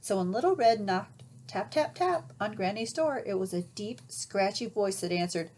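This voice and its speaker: A woman reading a children's storybook aloud, expressive, pausing to ask her listeners questions. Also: medium pitch, a little hiss or hum.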